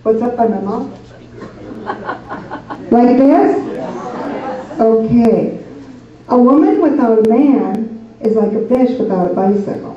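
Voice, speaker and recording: Deadpan woman reading one-liners, echoey hall. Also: fairly high pitch, slow, long pauses, some chatter behind. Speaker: talent show performer. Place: large echoey camp hall. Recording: echoey hall from far off, dull camcorder sound.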